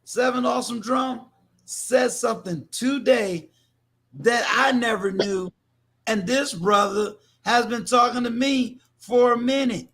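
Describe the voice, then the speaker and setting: An older New York man hosts a casual livestream, speaking in an extremely high, slightly bright voice and a little slowly. He addresses his viewers emphatically, in a preachy way, often repeating words.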